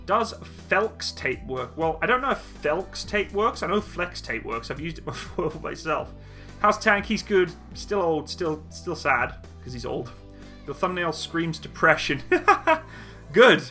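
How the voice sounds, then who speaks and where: A man's voice: a little high, lively intonation, a little slow, pushed and bright, faint music behind. A man hosting a live-stream Q&A. He reads viewers' chat questions aloud and answers each in a casual, joking, self-mocking way. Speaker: military video channel host.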